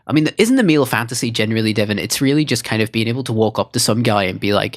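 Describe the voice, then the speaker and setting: A man's voice: on the low side, animated, rapid-fire, few pauses, no room sound, studio quality. A man co-hosting a podcast, chatting casually and acting out movie lines in a raised voice. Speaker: podcast co-host. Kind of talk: casual chat.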